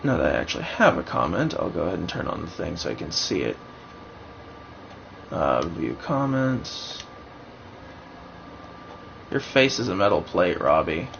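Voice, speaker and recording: Young male streamer, gravelly, muttering and thinking aloud; muffled home mic with faint hiss. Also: extremely low pitch, sing-song, moderate pace, fairly bright tone. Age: young adult. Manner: thinking aloud, rambling and hesitant. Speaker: livestreamer playing a game. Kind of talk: live gameplay commentary.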